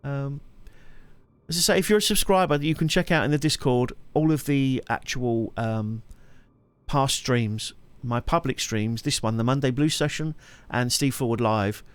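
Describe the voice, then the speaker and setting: A man's voice: medium pitch, moderate pace, smooth, dry recording. A man chatting on his live stream, rambling and laughing often. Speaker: streamer and musician. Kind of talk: casual live-stream chat.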